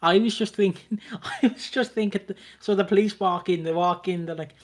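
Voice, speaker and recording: A man with a high voice for a man co-hosts a casual chat. He jokes around and acts out silly scenarios as he goes. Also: a little fast. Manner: jokey, acts out silly scenes. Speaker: co-host.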